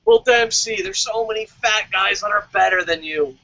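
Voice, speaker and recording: A man rants through a wrestling review, swearing nonstop and jumping into mocking voices. His voice sits very high and bright. The recording is dry and a little dull, with no room sound. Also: normal speed, vocal fry, dry recording. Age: adult, calls himself old. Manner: loud, excitable, constantly swearing, acts out mocking voices. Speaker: wrestling vlog host. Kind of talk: profane comedic rant. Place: lives in Tokyo.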